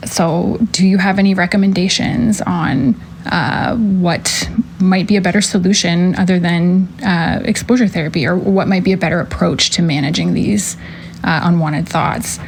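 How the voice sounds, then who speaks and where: Woman caller, lower voice, hesitant recorded question, faint hiss behind. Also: fairly even intonation, normal speed, creaky. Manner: hesitant, many fillers.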